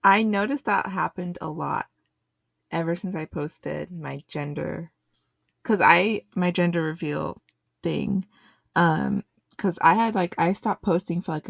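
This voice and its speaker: Young female co-host, deep voice, laid-back filler-heavy chat, dry close mic. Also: vocal fry, no room sound. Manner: casual, filler-heavy, with bursts of indignation. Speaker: podcast co-host. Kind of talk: casual chat.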